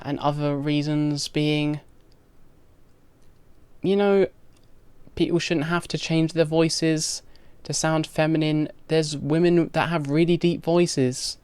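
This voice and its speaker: A woman's voice: low-pitched, steady tone, slow pace, darkish tone, smooth, no room sound. A young trans woman speaking frankly in a direct-to-camera video diary, with plenty of casual fillers. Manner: candid, frank, frequent fillers. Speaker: video diarist.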